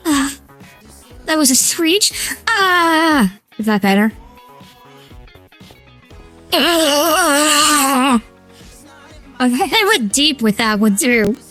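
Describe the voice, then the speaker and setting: A high, squealy girl streamer. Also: moderate pace, soft background music. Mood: playful. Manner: excitable, chatty, squeals and giggles. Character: high feminine streamer voice, playful. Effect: feminine voice changer. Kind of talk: casual live-stream chat while gaming.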